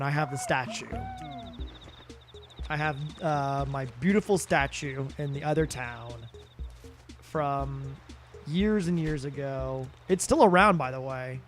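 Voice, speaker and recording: A man's voice: fairly high pitch, a bit bright. A tired, sleepy man streaming a game late at night, rambling in casual chat with lots of fillers and restarts that trail off.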